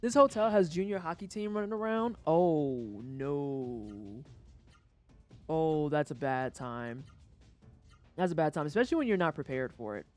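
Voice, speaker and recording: Game streamer, loose and profane, voice leaping all over the place, faint game music underneath. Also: unhurried. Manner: animated, profane and joking, with sudden high-pitched outbursts; chatty storytelling aside while playing. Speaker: livestreamer playing a video game. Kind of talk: casual gameplay commentary.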